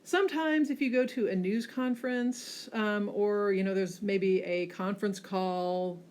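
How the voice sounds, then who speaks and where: A woman teacher giving a classroom lecture over slides, often checking in with a quick "okay?" and pushing hard on key words. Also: medium pitch. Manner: frequent checking "okay?" tags, lively emphasis.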